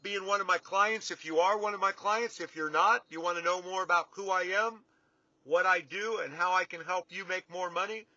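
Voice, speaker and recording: This middle-aged business coach, with a high, bright, forceful voice, talks casually to camera, motivating his clients in an earnest, folksy way and repeating himself for emphasis. The lo-fi audio is dull and dry, with no room sound.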